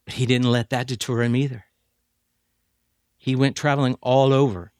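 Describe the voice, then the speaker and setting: A man preaching a sermon to seminary students, emphatic and building to near shouts. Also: mid-range voice, little pitch movement, normal speed, dry recording, studio quality. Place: chapel addressing seminary students.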